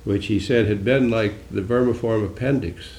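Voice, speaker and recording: Older male politician, low gravelly voice, wry and rambling, speaking in an echoey hall. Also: fairly even intonation, moderate pace, darkish tone, slight background noise. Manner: dry, wry humor, musing and digressive. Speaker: senator answering audience questions. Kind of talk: political talk with audience Q&A.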